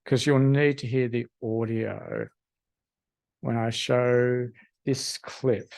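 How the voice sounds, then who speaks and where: A man giving a university lecture, halting and full of ums. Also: mid-range voice, fairly even intonation, darkish tone. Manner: halting, lots of ums and restarts. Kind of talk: academic lecture.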